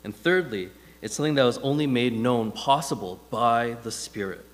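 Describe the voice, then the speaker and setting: Guy giving a chatty church sermon, medium pitch, long reverb from the hall. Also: moderate pace. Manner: conversational, animated storytelling with frequent fillers. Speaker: preacher.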